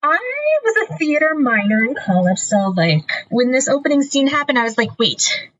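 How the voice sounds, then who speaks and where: A woman co-hosts a podcast in loose casual chat, her voice high and swooping all over. She fills her talk with "like" and slips into quoted voices. The sound is dull and lo-fi. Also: moderate pace. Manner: animated, lots of "like", acts out quotes. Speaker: podcast co-host.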